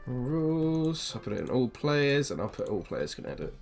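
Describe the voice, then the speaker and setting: A man's voice: medium pitch, very animated, normal speed, creaky, darkish tone, faint music behind. A man running a tabletop game as game master, narrating casually with lots of ums. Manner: casual, rambling with many ums.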